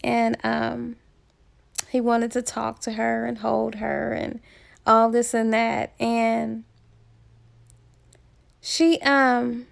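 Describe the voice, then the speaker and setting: A woman's voice: a little high, flat delivery, very slow, vocal fry, pauses often. A woman casually retelling a romance novel's plot as a book reviewer, chatty and full of asides.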